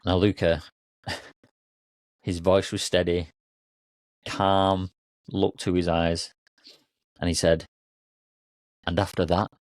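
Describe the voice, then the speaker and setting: A man coach telling a story in a relaxed, loose way with occasional fillers. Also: sits low, very slow, long pauses, smooth, dry recording. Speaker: coach and podcast host. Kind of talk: casual storytelling.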